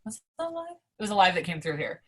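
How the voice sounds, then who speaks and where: A young adult woman, a podcast guest, telling a story in a casual, excitable way, swearing often and filling her talk with "like". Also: medium pitch, fast talker. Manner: excitable, profane, heavy use of "like".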